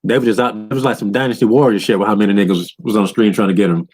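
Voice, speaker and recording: A man in a loose, profane rant recapping a video game, often breaking into higher voices to quote characters. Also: steady tone, rapid-fire, darkish tone, a little hiss or hum. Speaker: gaming commentator.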